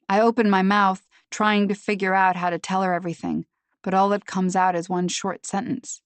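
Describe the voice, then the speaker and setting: A woman reading a mystery novel aloud in first person, steady and measured, close to the microphone. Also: mid-range voice, clean tone, no echo. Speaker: audiobook narrator.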